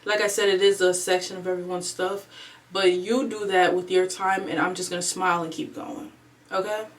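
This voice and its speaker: A woman in her twenties, chatting alone at home in a casual storytime vlog, animated and replaying her own thoughts aloud. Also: lowish voice, moderate pace, far from the mic. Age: 20s. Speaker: vlogger. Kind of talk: casual storytime chat to camera.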